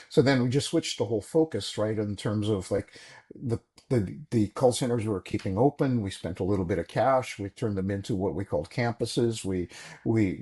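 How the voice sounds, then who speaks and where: A middle-aged man with a deep, husky voice tells stories from his career as a podcast guest. He is animated and slips into the voices of the people he quotes. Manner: animated anecdotes, acts out quoted dialogue. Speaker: podcast guest, former executive. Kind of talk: conversational storytelling.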